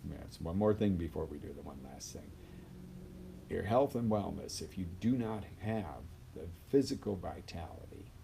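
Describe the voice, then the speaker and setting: Energetic gravelly male life coach. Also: fairly low pitch, slight background noise. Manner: energetic, swings between loud bursts and quiet asides; acts out quoted voices. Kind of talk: live motivational talk.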